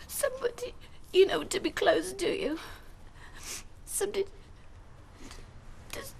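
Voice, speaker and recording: A woman's voice: high voice, normal speed, a bit bright. An actress playing a tired, lonely middle-aged woman who talks hesitantly and wearily. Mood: tearful. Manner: hesitant, weary, tearful.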